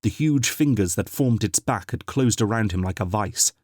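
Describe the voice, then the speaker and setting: Brief: male audiobook narrator, lowish voice, measured and dramatic, dry booth sound. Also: lively intonation, a little mellow, dry recording.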